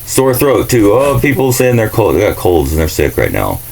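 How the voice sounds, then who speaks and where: A man's voice: fairly low pitch, huge pitch swings, normal speed, vocal fry, darkish tone, slight background noise, rough recording. A man ranting in a casual, profane and sarcastic monologue vlog. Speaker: vlogger.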